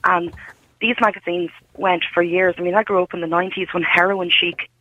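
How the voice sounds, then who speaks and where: A woman's voice: lowish voice, flat delivery, no room sound, phone-quality sound. Frank, chatty woman co-host. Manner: frank, chatty, quick to laugh. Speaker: radio co-host. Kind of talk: casual radio chat.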